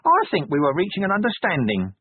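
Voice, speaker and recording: A man's voice: high-pitched, wildly swooping pitch, fast talker, husky, dry recording, pitched above the performer's own voice, full character voice. A man voicing a scruffy male city watchman who talks in a whiny, rambling way. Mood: gloomy. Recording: tinny phone-like band.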